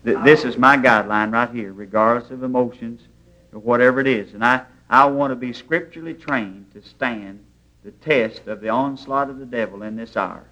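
A man's voice: medium pitch, moderate pace, sharp tone, highs cut off. A man preaching a sermon in a church, telling stories in plain, homespun grammar. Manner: folksy storytelling preaching, plain rural grammar.

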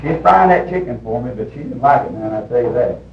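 A man preaching a sermon in a folksy storytelling way, with sudden shouted bursts when he quotes people. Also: medium pitch, lively intonation, fast, vocal fry. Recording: roomy, distant, dull old recording with faint hiss.

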